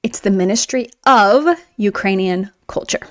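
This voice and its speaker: A woman teaching a Russian grammar lesson in a chatty, emphatic way, slowing down to read example sentences. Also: mid-range voice, animated. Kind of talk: online language lesson.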